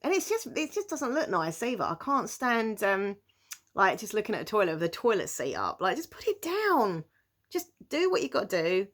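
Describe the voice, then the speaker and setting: A woman's voice: mid-range voice, wildly swooping pitch, normal speed, a bit bright. A young British woman chatting casually to camera as she answers viewer questions, giggling often and speaking with many fillers. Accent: British English.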